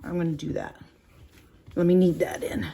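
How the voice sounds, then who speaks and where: A woman's voice: on the low side, steady tone, moderate pace, mellow, a little hiss or hum. A middle-aged woman chatting casually through a home baking demonstration, rambling with fillers and restarts, her voice a little shaky from kneading.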